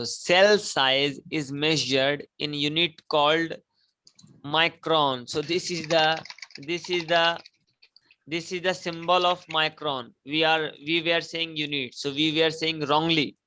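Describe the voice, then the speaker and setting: Man, teacher, classroom lecture, emphatic and repetitive, bright tone. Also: a little high, steady tone, a little slow, rough recording. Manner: repetitive, emphatic, prompts students to repeat.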